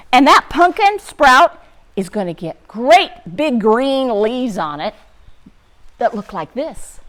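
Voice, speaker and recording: A woman teaching young children in a lively, sing-song way, talking right to them. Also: a little high. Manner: animated, sing-song, talks to the kids. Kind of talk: children's lesson. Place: barn.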